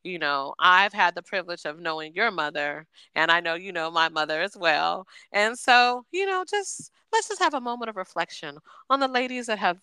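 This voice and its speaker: A woman with a bright, smooth, crisp voice, chatting casually as a podcast co-host. She tells stories at an easy pace and gives warm shout-outs to the people she cares about. The recording is close and dry, with no room sound. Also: on the low side, expressive, normal speed, hardly any pauses, dry recording. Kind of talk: casual chat.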